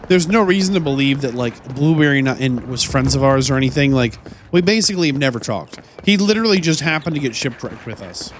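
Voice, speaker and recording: A man's voice: mid-range voice, expressive, a little fast, a little hiss or hum. A man hosting a game playthrough, commentating as he plays and launching into mock-indignant, theatrical rants at enemies. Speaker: let's play host. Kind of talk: gameplay commentary.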